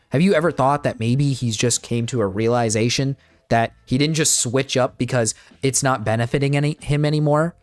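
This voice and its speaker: A man's voice: medium pitch, brisk. A man doing reaction commentary, ranting in exasperation and swearing often, talking to his chat like a streamer. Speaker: drama commentator.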